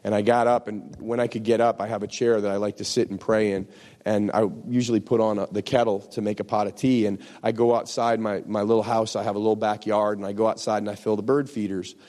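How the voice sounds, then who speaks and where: A man's voice: lowish voice, flat delivery, fast, a little mellow. Impassioned preacher man in a reverberant hall. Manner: impassioned, rising to emphatic declarations. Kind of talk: sermon.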